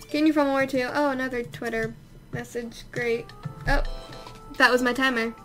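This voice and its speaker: With a high, slightly bright voice, a young let's play host offers casual commentary as she plays a life-sim game. She chats freely, exclaiming and scolding the characters as she goes.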